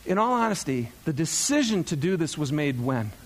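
A man in his thirties, a pastor, preaching in a chatty, animated storytelling way to his congregation. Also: fairly high pitch, moderate pace.

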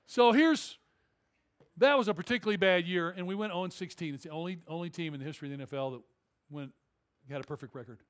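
A high-voiced male pastor, preaching to his congregation. He tells a story with jokes, then builds to emphatic, rising calls. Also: quick pace. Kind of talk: sermon.

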